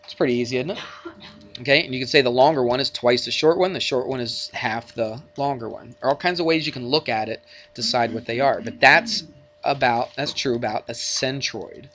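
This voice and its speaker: A male math teacher giving a lesson in his classroom, at an ordinary middle pitch. He is chatty and jokey and trades playful remarks with his students as he works through problems. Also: brisk, a bit bright, a little hiss or hum. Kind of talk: classroom lecture.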